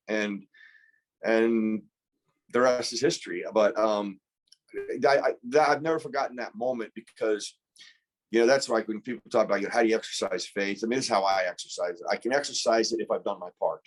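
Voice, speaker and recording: A man's voice: medium pitch, moderate pace. A man in his fifties, a former pro football player, telling an earnest, reflective story as a podcast guest, often restarting his sentences.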